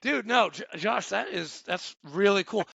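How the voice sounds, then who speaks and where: Gravelly, joking man with a bright voice. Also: sits high, expressive, a little slow, dry recording, highs cut off. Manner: loose, profane, joking. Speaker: podcast co-host. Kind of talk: casual podcast banter.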